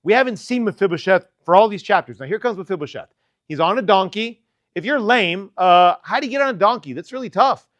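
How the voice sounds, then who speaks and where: Man, youth preacher, casual joking sermon, high voice, dry close sound. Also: lively intonation, brisk, a bit bright, no room sound.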